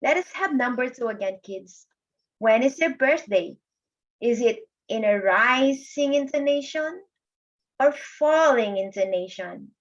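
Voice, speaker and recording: Slow, patient grade one teacher woman. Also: a little high, animated. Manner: patient, drawn-out, addresses kids often. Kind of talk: slow classroom lesson for children. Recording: dull lo-fi recording.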